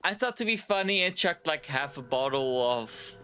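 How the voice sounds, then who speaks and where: Lively bright-voiced male streamer. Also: on the high side, moderate pace, clean tone. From Canada. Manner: chatty, rambling, tipsy. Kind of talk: casual game commentary.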